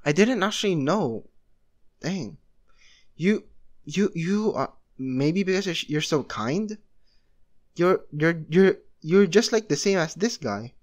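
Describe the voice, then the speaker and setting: Casual: guy playing a wide-eyed angel, keeps going wow, louder and excitable, highish voice. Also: takes it slowly, long pauses. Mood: amazed. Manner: excitable, exclaiming. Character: astonished, gushing angel guard.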